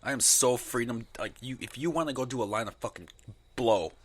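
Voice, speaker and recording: A man's voice: mid-range voice, a little fast, breathy edge. A young man in casual podcast banter, swearing freely and mimicking people in mocking voices. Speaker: podcast co-host.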